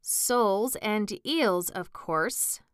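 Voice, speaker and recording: A woman's voice: medium pitch, animated, fairly bright tone, smooth, no room sound, studio quality. A woman voicing the impatient Gryphon. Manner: brisk, impatient, solemn. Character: impatient, know-it-all male Gryphon. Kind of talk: storybook reading.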